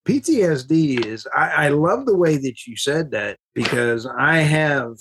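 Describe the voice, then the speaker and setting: A podcast host, a woman, talking in an excitable, rambling way and getting worked up. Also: deep voice, unhurried, slight background noise. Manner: excitable, rambling, laughs often. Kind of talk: casual podcast chat.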